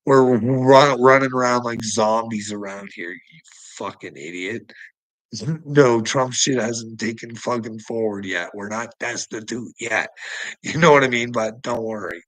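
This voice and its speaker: A man's voice: mid-range voice, a little slow, a bit bright, no echo, low-quality recording. A Canadian man with a Canadian accent hosting a livestream, ranting casually at his chat in a crude way, swearing often and laughing between remarks. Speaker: livestream host. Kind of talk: casual rant answering chat.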